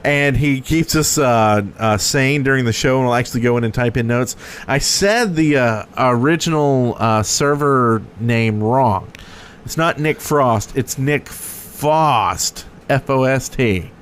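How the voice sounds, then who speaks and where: A man's voice: mid-range voice, a little slow, slight background noise. A man co-hosting a casual podcast, jokey and fond of silly voices. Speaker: podcast co-host.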